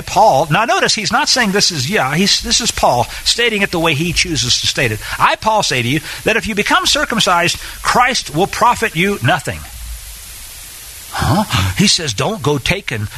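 A man preaching a sermon in an emphatic, animated way, with sarcastic asides. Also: high-pitched, husky, poor audio.

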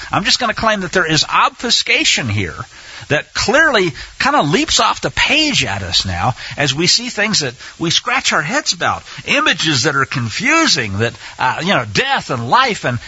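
A man's voice: high voice, sharp tone, slightly rough. A man teaching a sermon-style Bible lesson. He speaks emphatically, asks rhetorical questions and repeats phrases for effect. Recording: dull, dry lo-fi sound.

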